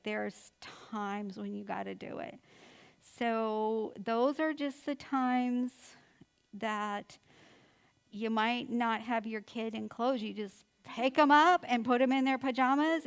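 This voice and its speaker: A woman's voice: on the high side, vocal fry, smooth. An older woman therapist giving an informal, chatty talk to mothers, encouraging and acting out everyday quotes.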